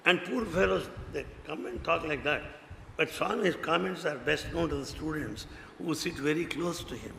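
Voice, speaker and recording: An older man with an Indian English accent telling devotional stories in a lively way, acting out what people said. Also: a little high, normal speed, gravelly. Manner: animated storyteller, acts out quotes, laughs often. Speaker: spiritual speaker. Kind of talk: devotional talk with anecdotes. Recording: echoey hall, faint background noise.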